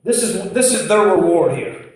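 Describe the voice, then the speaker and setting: Male preacher, higher voice, folksy storytelling sermon, heavy room echo. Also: lively intonation, normal speed. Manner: conversational, storytelling, repeats himself. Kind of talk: informal sermon. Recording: very echoey room.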